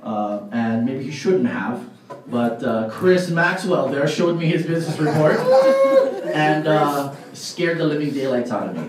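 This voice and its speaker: A motivational speaker with a fairly high voice and a measured pace gives a live speech at a sales party. He tells stories animatedly, laughing often and using many fillers. The recording is very noisy and echoey, made in a hall far from the mic.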